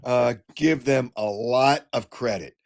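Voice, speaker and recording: Blunt older sports radio host with a cold. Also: male voice, medium pitch, slow pace, creaky. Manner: blunt, opinionated, flares into shouting. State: recovering from a cold, throat-clearing. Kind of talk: call-in sports talk.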